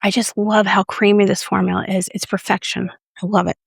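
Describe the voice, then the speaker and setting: A woman's voice: medium pitch, level tone, fairly quick, gravelly, slightly rough, no room sound, studio quality. Chatty, playful woman reviewing makeup. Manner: chatty, playful self-mocking asides; drops into soft whispers. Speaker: beauty reviewer. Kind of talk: casual makeup review vlog.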